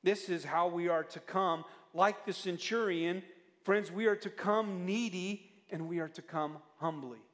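Male pastor, higher voice, unhurried, earnest sermon, long church-hall reverb. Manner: earnest, drops to soft low tones when pleading.

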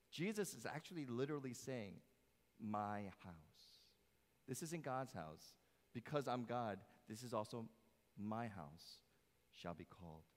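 A male pastor delivers an animated sermon in a church sanctuary, swinging from loud emphasis to soft, low phrases. He poses questions to the congregation and cracks jokes, and the recording carries a long hall reverb.

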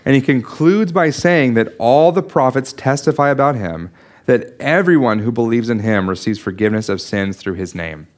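A man delivering a sermon in an earnest, teaching way, walking listeners through a Bible passage. He pauses to restart his sentences and adds small asides. His voice sits at an ordinary middle pitch for a man. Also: animated. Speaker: pastor.

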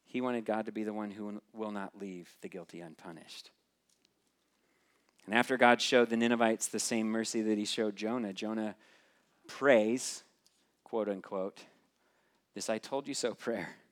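A man's voice: fairly low pitch, fairly even intonation, measured pace, long pauses. A male preacher giving a sermon in a conversational way, often putting questions straight to the listeners.

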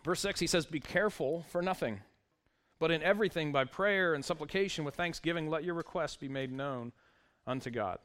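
A man's voice: a little high, brisk, fairly bright tone. A male pastor preaching a sermon, reading scripture aloud with wry, conversational asides to the congregation.

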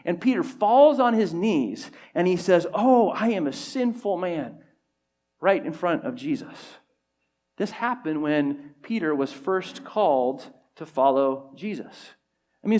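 Man preaching in a higher voice. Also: a little mellow. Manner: storytelling, acting out quoted dialogue. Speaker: pastor. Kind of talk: sermon. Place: church service before a congregation.

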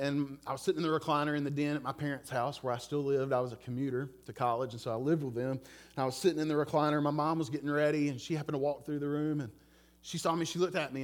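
A middle-aged man, preaching a sermon in a conversational, earnest way, telling a personal story and asking listeners direct questions. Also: a little high. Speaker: pastor.

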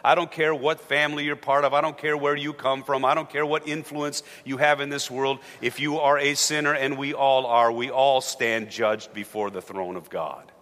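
A pastor preaching a sermon with dynamic delivery, booming on key words and dropping to a hush at the ends of phrases. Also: male voice, steady tone, normal speed, few pauses, in a large hall. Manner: dynamic, swinging from loud emphasis to hushed endings. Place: church sanctuary.

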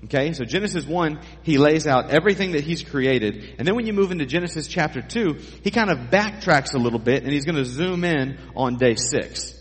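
A man's voice: a little high, lively intonation, a little fast, hardly any pauses. Man preaching in an echoing hall. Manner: conversational, jokey asides to the congregation. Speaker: pastor. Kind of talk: sermon.

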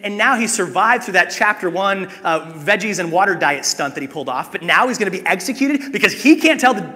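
A man preaching a sermon as pastor, animated and conversational with self-mocking humor, in a church sanctuary. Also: a little high. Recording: long hall reverb.

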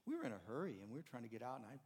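An older man preaching a conversational sermon, swinging from emphatic, raised passages to soft, quiet ones, with many restarts and asides. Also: mid-range voice, very animated, very fast. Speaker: pastor. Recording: hall reverb.

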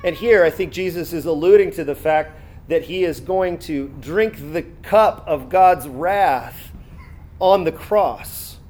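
Guy with a high voice preaching, lots of uh's and restarts, reads verses then talks about them. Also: a little mellow. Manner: conversational preaching with many fillers and restarts; reads scripture aloud, pausing to comment. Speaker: pastor. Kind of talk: sermon.

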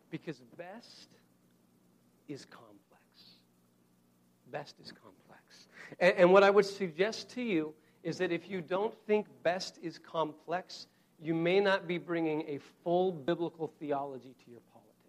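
Earnest high-voiced male preacher. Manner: earnest, repeats key phrases slowly for emphasis; conversational, addresses the congregation directly. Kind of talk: sermon.

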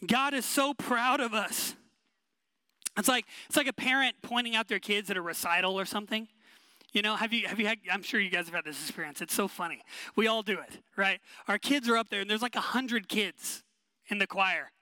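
A male pastor preaches in an emphatic, conversational way, circling back to short repeated phrases. His voice sits high and sounds sharp and forward, and the sound is dry and close. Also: fairly quick, clear, resonant tone, dry recording. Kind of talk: sermon.

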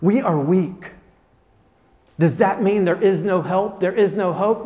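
A man preaching a sermon as pastor, earnest, dropping to soft tones and then rising to emphatic points. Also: high voice, slow, in a large hall.

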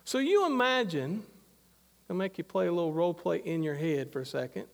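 A man's voice: sits high, expressive, a little fast, vocal fry, in a large hall. A middle-aged man preaching a sermon, talking in a conversational, anecdotal way full of asides. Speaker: pastor.

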